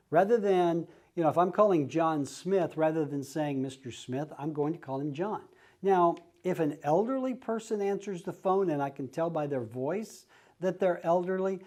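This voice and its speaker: A man's voice: on the high side, mellow. A middle-aged man, teaching real estate agents how to cold call, acting out friendly, familiar phone greetings. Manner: acts out friendly phone calls in a casual, familiar tone. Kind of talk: instructional talk.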